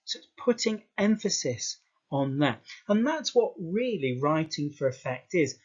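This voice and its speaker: A man with a British accent, teaching an English exam skills lesson in a slow, emphatic way, repeating words for stress. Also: a little high. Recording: dull lo-fi sound.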